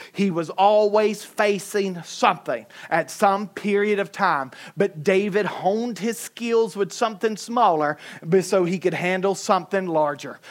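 Man, pastor, sermon, high voice, dramatic, shouts to hushes, colloquial storytelling. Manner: preaching with big swings from shouts to hushed tones.

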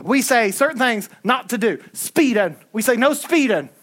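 High-voiced, fiery preacher man. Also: normal speed. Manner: animated, shouting at times, folksy asides. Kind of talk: sermon.

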